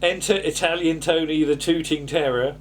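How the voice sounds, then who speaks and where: A man's voice: on the high side, steady tone, moderate pace, a little hiss or hum. A man co-hosting a TV review, chatting casually, rambling and prompting his co-host with questions. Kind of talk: casual chat.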